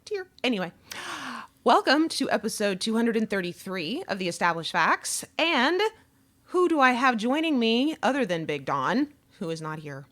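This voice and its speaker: A woman hosting a casual podcast, her pitch rising and falling a lot as she talks. She is chatty and quick to laugh, keeping the conversation moving. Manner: chatty, laughs often, lively delivery. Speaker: podcast host. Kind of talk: casual chat.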